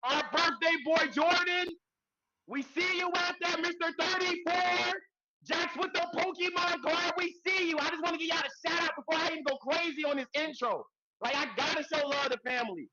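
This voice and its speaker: A man co-hosting a podcast in casual chat, talking loud and hyped, with slangy, profane banter and shouted intros. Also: very high-pitched, moderate pace, lo-fi sound, very noisy. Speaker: podcast co-host.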